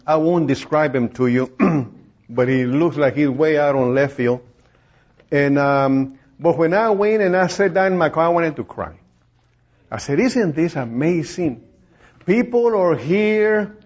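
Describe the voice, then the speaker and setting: A man's voice: fairly high pitch, animated, slow, darkish tone. A man preaching a sermon as a storytelling testimony, acting out the voices of the people he quotes and laughing as he goes. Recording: dull lo-fi recording.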